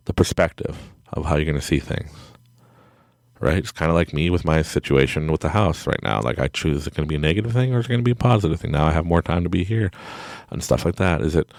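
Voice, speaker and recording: A middle-aged man hosts a podcast from home late at night, in a low, gravelly voice. He rambles through a motivational talk, laughing at himself often, with pitch that swings widely. The recording is dry and close. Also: darkish tone, no echo. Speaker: podcast host. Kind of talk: casual motivational monologue.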